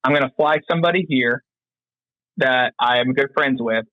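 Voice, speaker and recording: A man's voice: medium pitch, normal speed, no echo. Rambling man talking business, dry lo-fi sound. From North Carolina. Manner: rambling, lots of fillers and restarts. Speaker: podcast guest. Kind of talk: casual interview chat.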